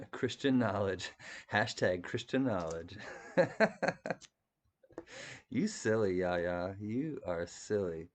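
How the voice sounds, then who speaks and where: A man's voice: low voice, lively intonation, slow pace, pauses often. A man hosting a live stream in a casual, rambling chat, reading viewer comments and laughing often. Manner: rambling, chatty, laughs often, many restarts. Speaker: livestream host reading chat.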